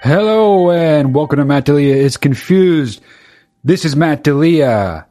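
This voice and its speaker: A man's voice: fairly high pitch, expressive, unhurried, warm tone. Profane rambling male podcast host. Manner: profane, rambling, self-interrupting. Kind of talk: casual comedic monologue.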